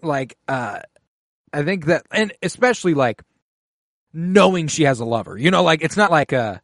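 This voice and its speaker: A man's voice: fairly high pitch, animated, normal speed, a bit bright, no room sound, clean studio sound. A man in casual podcast chat, retelling TV episodes loosely, with lots of fillers and swearing. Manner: loose, profane storytelling with many fillers. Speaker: podcast co-host.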